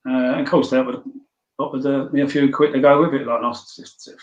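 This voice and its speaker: Male podcast guest, blunt anecdotal storyteller with frequent swearing, middle pitch, echoey room sound. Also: fairly even intonation, fast, muffled recording. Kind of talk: casual storytelling. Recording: roomy echo.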